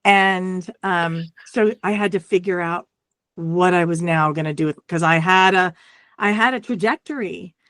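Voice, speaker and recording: A middle-aged woman telling her story as an interview guest, reflective and halting, often restarting and checking in with "right?". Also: lowish voice, fairly bright tone, dry recording, clean studio sound. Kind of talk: conversational interview.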